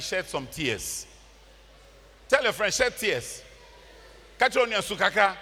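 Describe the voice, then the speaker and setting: A man with a Ghanaian accent preaching a sermon, animated, breaking into laughter and shouts. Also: high voice, in a large hall. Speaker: pastor. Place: large church.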